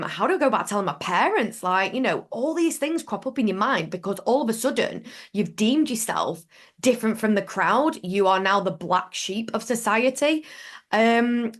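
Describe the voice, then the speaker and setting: A woman's voice: medium pitch, fairly bright tone. A woman in casual podcast chat, talking animatedly and candidly, sometimes swearing and acting out imagined thoughts. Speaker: podcast co-host. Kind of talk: casual spiritual business chat.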